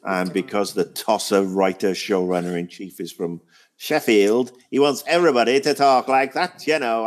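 A man's voice: on the low side, steady tone, normal speed. A man, co-hosting a casual podcast chat in a blunt, sweary, ranting way. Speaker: podcast co-host.

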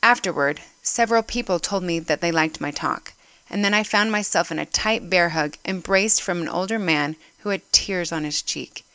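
A woman's voice: lowish voice, normal speed, bright, forceful tone, smooth, dry recording. Woman, devotional talk, earnest, emotional, dry close sound. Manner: emotional, earnest, gets choked up. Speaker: church speaker. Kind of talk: heartfelt devotional talk reading a story aloud.

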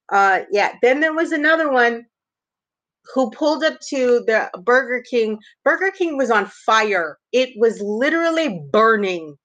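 A woman's voice: fairly high pitch, a bit bright, dull audio. Chatty woman podcaster, filler-heavy. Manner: indignant, wry commentary. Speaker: podcast co-host. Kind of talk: casual storytelling.

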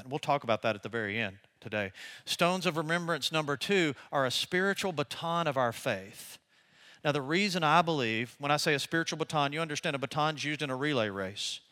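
An older man preaches with a bright, forceful voice at an ordinary pitch. He speaks in a conversational way and tells lively family stories, laughing as he goes. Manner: conversational, animated storytelling with laughter. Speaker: pastor. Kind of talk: sermon.

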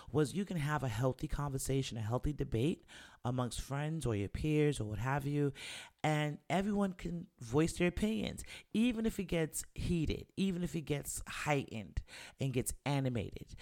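A man who makes music speaks casually in a monologue. He is candid and animated, swears freely, and acts out things his friends said. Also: fairly high pitch. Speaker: musician, rapper.

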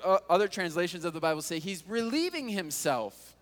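A man's voice: high voice, big pitch swings, brisk, few pauses. A male pastor preaching a sermon, retelling scripture in a casual, conversational way with frequent rhetorical questions. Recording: long hall reverb.

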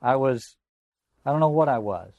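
A man reading aloud and voicing a troubled schoolboy who speaks slowly and quietly. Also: medium pitch, animated, no echo, phone-quality sound, natural voice. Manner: slow, subdued.

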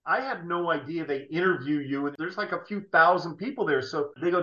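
A middle-aged man tells animated stories as an interview guest, his voice bright and forceful, on the high side for a man. The recording sounds roomy and slightly dull. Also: brisk, hardly any pauses. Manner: animated anecdotes with laughs. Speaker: guest, automotive artist. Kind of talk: casual storytelling.

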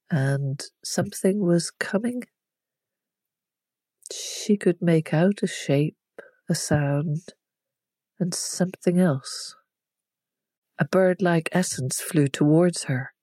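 A storyteller reading a story aloud in a calm, measured and even way. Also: mid-range voice, no room sound, studio quality. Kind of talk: storybook narration.

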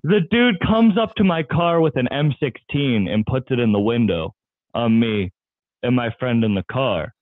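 A man's voice: medium pitch, animated, moderate pace, dry recording. A man who is a comedian guest, telling wild stories in casual chat and laughing often. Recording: tinny phone-like line, dry.

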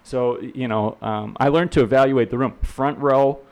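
A man's voice: medium pitch, normal speed, clean tone. Middle-aged guy telling a story on a podcast, chatty, laughs a lot, stumbles and repeats himself, does little voices for people. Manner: animated, laughing, repeats words, acts out quotes. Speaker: real estate instructor.

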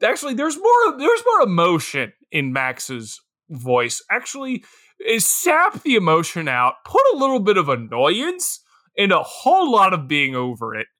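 A young man co-hosting a podcast, chatting excitedly and laughing often. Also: high voice, a little slow, no room sound, clean studio sound. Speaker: podcast co-host. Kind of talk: casual comedic chat.

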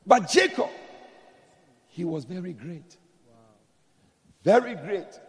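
A man preaching a sermon emphatically, moving from soft explanation to shouted blessings. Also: high voice, lively intonation, takes it slowly, big-room sound.

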